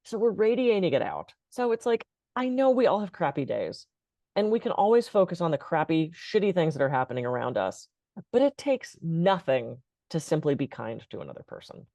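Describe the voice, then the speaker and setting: Animated woman telling a story. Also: low voice, fairly quick, dry recording. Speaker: podcast guest. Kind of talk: conversational storytelling.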